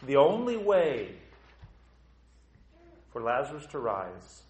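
A man's voice: medium pitch, slow, lo-fi sound. A man preaching a sermon as pastor, blunt and conversational, acting out the doubting voices of his congregation and asking the room questions. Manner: animated, acts out the voices of troubled churchgoers. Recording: roomy church reverb.

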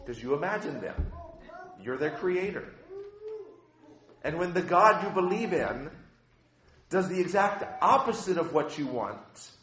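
A man preaching a sermon as a pastor, impassioned and shifting between quiet and loud passages. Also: fairly high pitch, big pitch swings, unhurried, pauses often, roomy sound.

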